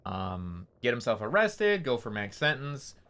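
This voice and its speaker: Bright-voiced man rambling on stream. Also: medium pitch, big pitch swings, unhurried. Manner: rambling, profane, filler-heavy storytelling. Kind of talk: casual stream chat.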